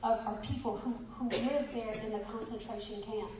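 Picked up from a distance in an echoey room, a woman's slightly high, slightly mellow voice moves at normal speed with fairly even intonation. She preaches exuberantly, laughing, reading a story aloud and talking straight to the congregation.

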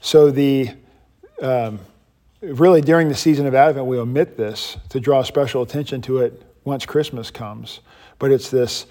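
Animated pastor teaching a class. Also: male voice, mid-range voice, normal speed. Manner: animated, paces while teaching, frequent restarts.

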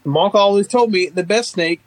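Man from florida, high voice, emphatic, lots of fillers, casual chat. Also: normal speed, no echo, poor audio. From Northeast Florida.

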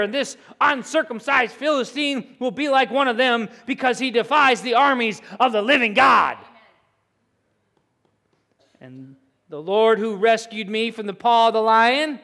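A man voicing a bold young shepherd who earnestly vows to fight, raised in pitch. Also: pushed and bright, exaggerated voice. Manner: earnest, defiant. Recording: echoey hall.

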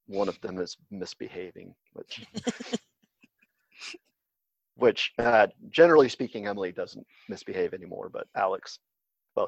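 A man's voice: lowish voice, gravelly, breathy edge, no echo. A man talking casually as an interview guest, hesitant and full of fillers and restarts, heard on a dull, slightly lo-fi recording. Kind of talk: casual conversation.

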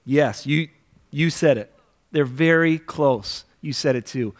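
A man preaching a weekend sermon to a congregation in a church. He talks conversationally, asks the listeners questions, and acts out quoted prayers loudly. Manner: acts out quoted prayers with big jumps in pitch and volume. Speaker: pastor. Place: church sanctuary before a congregation.

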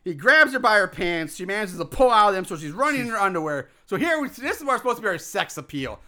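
A man's voice: high-pitched, big pitch swings, fast talker, hardly any pauses, sharp tone. A man casually recapping a bad movie with profanity, sarcasm and frequent laughter. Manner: profane, sarcastic, laughs often, mocking impressions. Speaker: podcast co-host reviewing a movie.

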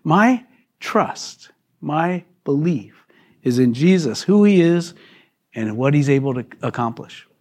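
Slow, husky-voiced man preaching. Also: on the high side, animated, a little mellow. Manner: conversational, laughs often, asks the congregation questions. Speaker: pastor. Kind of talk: sermon. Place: church hall.

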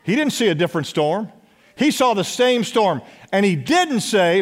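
A man preaching a sermon as pastor, urging his congregation to respond and dropping at times to a hush. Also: high voice, big pitch swings, normal speed. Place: church sanctuary. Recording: long church hall reverb.

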